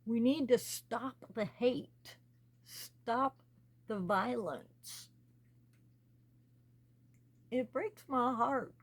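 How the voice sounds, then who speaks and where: A woman from the United States, talking slowly and earnestly as host of her own small channel, pleading with her listeners. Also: a little high. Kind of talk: personal spoken commentary.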